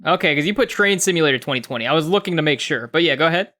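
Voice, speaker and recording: A young man co-hosting a podcast, telling a story in a casual, profane and animated way, mimicking voices along the way. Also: fairly high pitch, racing. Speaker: podcast co-host.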